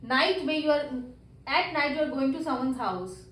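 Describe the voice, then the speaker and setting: A woman's voice: high voice, lively intonation, moderate pace, a bit bright, recorded from a distance. A woman teaching beginner French, patiently walking through worksheet answers and repeating each one, with slightly non-native English phrasing. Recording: roomy echo, voice a little off-mic.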